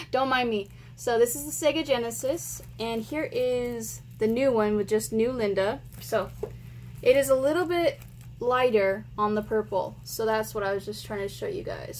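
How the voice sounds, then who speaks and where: An excitable woman hosts a casual unboxing vlog for her gaming channel. Her voice sits a little high, and she gushes and squeals with delight. Faint noise hums under the recording. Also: rough recording. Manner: excitable, gushing, often squealing and laughing.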